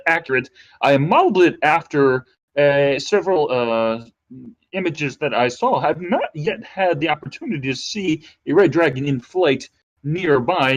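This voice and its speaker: A man speaks in character during a tabletop role-playing game. His voice sits fairly high, and he talks in a fussy, scholarly way, often stopping on hesitant fillers. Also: lo-fi sound.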